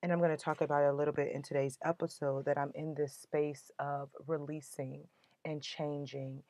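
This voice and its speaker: A woman's voice: sits low, little pitch movement, normal speed, warm tone, no room sound. A woman hosting a motivational podcast, talking in an earnest, emotional and uplifting way. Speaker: podcast host.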